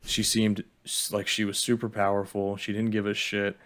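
A man's voice: lowish voice, monotone, moderate pace, fairly bright tone. A man co-hosting a casual podcast chat, thinking aloud with hesitant fillers. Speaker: podcast co-host.

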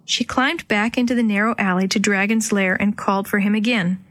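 A woman's voice: medium pitch, fairly even intonation, a little fast, dry recording. Woman reading a children's storybook. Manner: reads dialogue with light character voices. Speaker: audiobook narrator.

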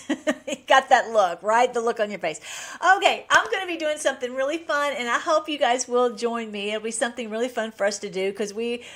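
A woman's voice: on the high side, brisk, a bit bright. A woman hosting her own channel, talking in an enthusiastic, rambling way with frequent restarts. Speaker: channel host. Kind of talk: casual vlog chat.

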